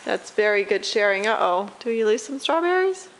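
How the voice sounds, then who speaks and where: A woman's voice: mid-range voice, very animated, normal speed. A mother playing at home with her toddler, praising and coaxing her in a sing-song way, on a home video. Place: home room with toys. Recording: noisy home camcorder recording.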